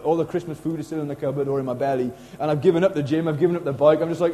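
A middle-aged man preaching a sermon in a casual, animated way, slipping into acted quotes. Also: on the high side, fast, rough recording. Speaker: pastor.

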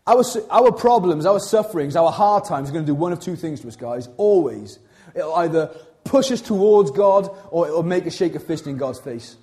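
A young man preaching with a high-pitched but mellow voice. He talks to the congregation like friends, jumping from jokes to earnest appeals and stumbling over repeated words as he goes. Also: moderate pace. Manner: animated, conversational preaching with asides and repetitions. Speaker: pastor. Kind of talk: sermon.

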